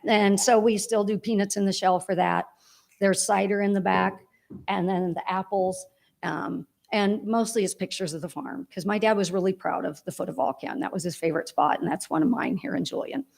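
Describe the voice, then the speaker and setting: A woman's voice: medium pitch, moderate pace, vocal fry, a little mellow. A woman giving a heartfelt, rambling eulogy for her father at a church memorial service.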